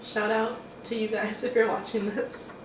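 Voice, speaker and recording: A young woman talks casually while eating at home, rambling in a laid-back way. Her voice sits a little high. The sound is roomy and comes from a mic set some way off, with a faint hiss beneath. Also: level tone, normal speed, distant mic. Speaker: mukbang host.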